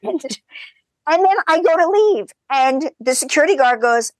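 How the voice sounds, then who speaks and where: Chatty woman telling an animated story. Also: high voice, moderate pace, dry recording. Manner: animated, chatty, laughs through her stories. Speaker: podcast guest. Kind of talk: casual storytelling chat.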